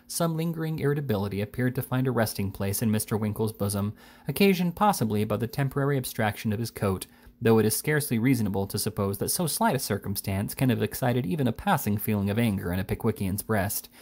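A man reading a classic novel aloud in a measured, unhurried way. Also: lowish voice, lively intonation, darkish tone. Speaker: reader.

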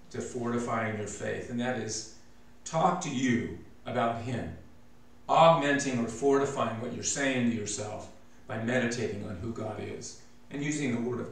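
A man preaching a sermon as pastor, slow and emphatic, rising louder when he reads scripture. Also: medium pitch, vocal fry. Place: church sanctuary. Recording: very echoey church hall, mic from far off.

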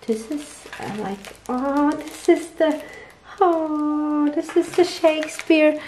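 Slow-talking woman, gushing and teary. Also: high-pitched, darkish tone, a little hiss or hum, poor audio. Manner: gushing, searching for English words. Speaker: papercraft vlogger. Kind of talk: casual unboxing chat. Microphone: tablet microphone.

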